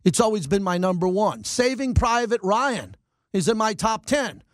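A middle-aged man hosting sports talk radio, ranting in animated bursts and mocking his critics. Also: high-pitched, no room sound, clean studio sound. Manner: animated, rants and mocks in quick bursts. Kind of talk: fired-up sports talk monologue.

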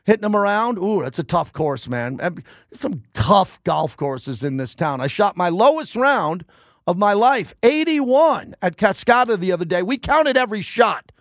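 A man's voice: high voice, sing-song, moderate pace, no room sound, clean studio sound. A man hosting a sports radio show, delivering an opinionated monologue in an emphatic style and repeating lines for punch. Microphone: studio microphone.

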